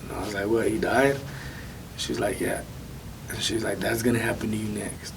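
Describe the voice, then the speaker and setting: A man speaking as an interview guest, telling a personal testimony in a soft, halting way with many pauses. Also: lowish voice, steady tone, creaky, distant mic, noisy background.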